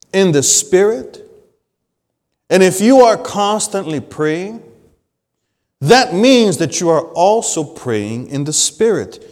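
Slow, animated preaching man in a reverberant hall. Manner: dramatic preaching, swings from loud emphasis to hushed low lines. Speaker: pastor. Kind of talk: sermon.

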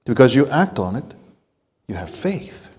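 A man preaching a sermon with an accent, slow and deliberate, and rising to emphatic peaks. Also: medium pitch, big pitch swings, a little mellow, slightly rough, in a large hall. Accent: non-native English accent. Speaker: pastor.

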